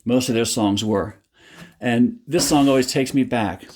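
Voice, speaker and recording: A man's voice: mid-range voice, measured pace, darkish tone, a little hiss or hum. An older man hosting a music program, telling folksy, joking stories between songs. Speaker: radio-style music show host. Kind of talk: casual music show chat.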